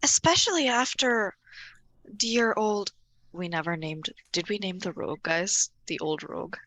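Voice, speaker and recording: A woman's voice: mid-range voice, unhurried, a bit bright. A woman playing a tabletop game, chatting casually and asking the table questions. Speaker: player.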